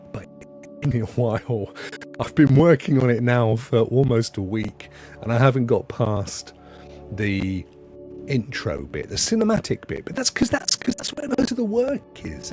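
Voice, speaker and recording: A man's voice: lowish voice, a little mellow. A middle-aged man hosting a casual livestream, rambling through jokey chat and talking straight to his viewers. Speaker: livestream host.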